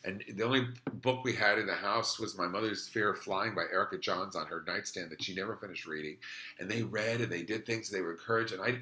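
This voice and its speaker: Older male host, bright sharp voice, low-pitched, anecdotal and chatty. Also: steady tone, brisk, a little hiss or hum. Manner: chatty, tells anecdotes with acted quotes. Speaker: podcast host. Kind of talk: casual interview chat.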